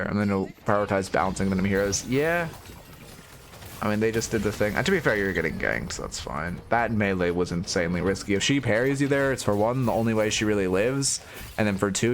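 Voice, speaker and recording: A man's voice: fairly low pitch, a little hiss or hum. A young man giving casual live-stream coaching commentary on a video game, frank and blunt, swearing now and then and restarting his sentences.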